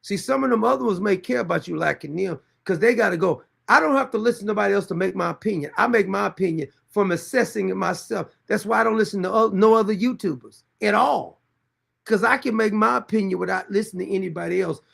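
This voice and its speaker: A man hosting a commentary show, ranting in a blunt, taunting, profane way with a gravelly voice. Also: sits high, fast talker, fairly bright tone. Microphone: desktop mic for live streaming.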